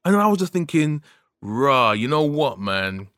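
A man co-hosting a podcast, telling a story in a casual, animated way. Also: medium pitch, measured pace, dry recording, clean studio sound. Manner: animated storyteller, frequent "you know what I mean". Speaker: podcast co-host.

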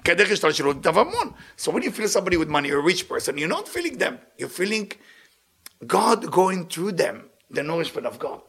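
A man giving a religious lecture, telling stories in an animated way and often laughing. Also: fairly high pitch, quick pace, breathy edge. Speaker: Torah teacher.

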